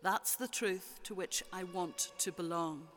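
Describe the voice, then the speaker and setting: A preacher giving a measured, rhetorical sermon with repeated phrases, recorded in a church. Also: medium pitch, a bit bright, soft background music. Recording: long church reverb.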